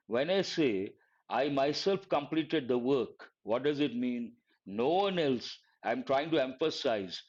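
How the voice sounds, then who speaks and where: A man's voice: medium pitch, animated, a little slow, highs cut off. A man teaching a live exam-prep lesson, repeating key words and quizzing his listeners. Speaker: English teacher.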